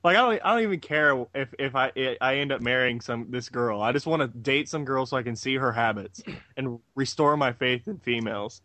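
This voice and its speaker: A man of middle pitch talks on a podcast, rambling and restarting with hesitation. His voice sounds dry and close. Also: brisk, sharp tone, no echo. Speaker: podcast guest. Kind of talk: casual group chat.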